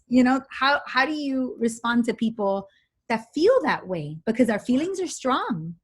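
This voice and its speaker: Chatty woman host, slightly high voice. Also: big pitch swings, normal speed, slightly rough. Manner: chatty, laughing, scattered restarts. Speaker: interview host. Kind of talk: casual interview chat.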